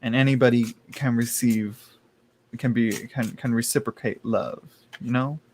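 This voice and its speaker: A man's voice: medium pitch, fairly even intonation, unhurried, darkish tone, slight background noise. A man doing a live tarot reading stream, chatty and campy, laughing often and calling viewers "girl". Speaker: tarot reader.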